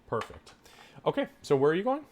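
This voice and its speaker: A man's voice: fairly high pitch, huge pitch swings, a little mellow, a little hiss or hum. A man running a tabletop game over a voice call, narrating with many fillers and restarts. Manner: halting, lots of fillers and restarts while narrating. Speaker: game master.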